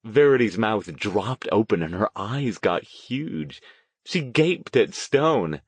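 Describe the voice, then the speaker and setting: Brief: male audiobook reader, lowish voice, animated delivery, dry close sound. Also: slow pace, slightly rough, dry recording. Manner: expressive storytelling. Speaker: audiobook narrator. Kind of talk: scripted narration.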